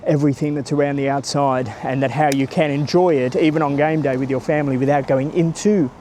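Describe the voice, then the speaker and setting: A man's voice: fairly high pitch, fairly even intonation, fairly quick, mellow, slight background noise. A man giving a chatty, rambling walking-tour vlog outdoors by a stadium, filming on a handheld camera or phone and greeting passers-by. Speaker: travel vlogger.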